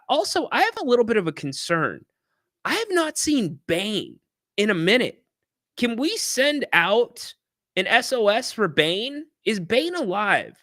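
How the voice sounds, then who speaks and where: A man's voice: sits high, bright, forceful tone, dry recording, studio quality. A man hosting a casual sports talk livestream, chatting animatedly and reading viewer comments aloud. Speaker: sports talk show host.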